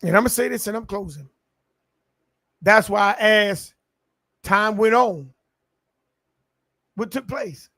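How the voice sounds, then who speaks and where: A man's voice: high voice, slow, creaky, long pauses, bright, forceful tone, no echo. A man preaching a sermon in call-and-response style, stretching words and building to peaks.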